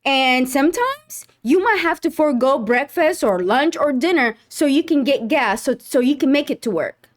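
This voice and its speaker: A woman's voice: high voice, expressive, normal speed. A woman giving sarcastic, indignant reaction commentary.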